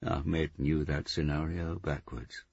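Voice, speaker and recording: A man narrating a novel in steady, measured scripted narration. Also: very deep voice, vocal fry, husky, no echo, highs cut off. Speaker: audiobook narrator.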